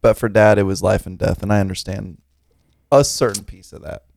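A man co-hosting a casual podcast, who talks in an animated, profane, teasing way. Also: lowish voice, brisk, gravelly, no echo. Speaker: podcast co-host. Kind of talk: casual chat.

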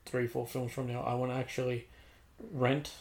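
A man with a middle-pitched voice chats about films and cameras. He is laid-back and loose, filling his talk with "like" and self-corrections. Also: flat delivery, normal speed, darkish tone. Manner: laid-back, lots of "like" and restarts. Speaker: indie filmmaker. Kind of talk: casual chat.

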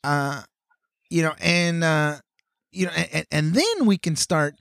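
A man's voice: on the high side, animated, measured pace, creaky, fairly bright tone, no echo, clean studio sound. A man co-hosting a podcast, chatting casually with many hesitations and restarts. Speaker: podcast co-host. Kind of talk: casual chat.

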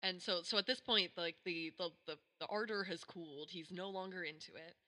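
Podcast host, woman, low-ish but very bright voice, jokey storyteller. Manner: laughing, jokey, quick asides. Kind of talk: casual storytelling chat.

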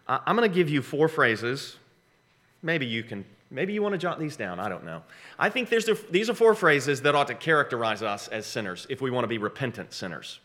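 A middle-aged man preaching a sermon, emphatic, slowing down for dramatic weight and repeating key phrases. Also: a little high, pushed and bright. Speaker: pastor.

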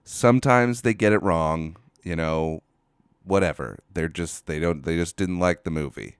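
A man's voice: sits low, unhurried, clear, resonant tone, dry recording, studio quality. A man hosting a casual solo podcast, ranting with exasperation, swearing and rambling into a microphone. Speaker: podcast host. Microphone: studio microphone.

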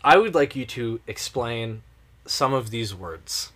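Lively, teasing male podcast host. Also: mid-range voice, takes it slowly. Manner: teasing, sarcastic banter. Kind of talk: casual chat.

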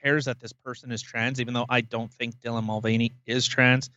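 A man's voice: medium pitch, flat delivery, a little fast, pushed and bright, dry recording, muffled recording. A man co-hosting a podcast, ranting emphatically and swearing freely in casual chat. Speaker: podcast co-host.

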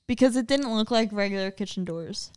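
A woman's voice: mid-range voice, a little fast, darkish tone, clean tone. A woman chatting casually, prompting a friend's stories with short questions and reactions. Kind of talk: casual chat.

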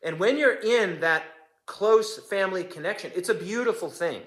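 A man's voice: high voice, normal speed, fairly bright tone. A man in his forties preaching a sermon as pastor, impassioned and emphatic, repeating phrases for effect.

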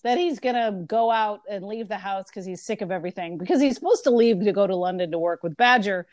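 A woman's voice: medium pitch, darkish tone, no echo. A woman in casual conversation, retelling a book's plot and briefly acting out the characters' lines. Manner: chatty retelling, acting out lines in quick voices. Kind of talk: casual book discussion.

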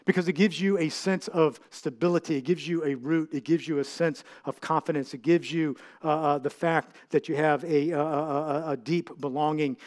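A man's voice: fairly high pitch, fairly even intonation, moderate pace, few pauses, darkish tone. A middle-aged man, a pastor, preaching a heartfelt sermon that often halts and restarts with fillers.

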